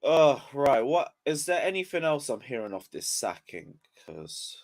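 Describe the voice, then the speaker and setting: A man's voice: medium pitch, very animated, measured pace. A young man ranting on a casual football live stream, just woken up and yawning, swearing in frustration as he reads chat aloud. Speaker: football livestreamer.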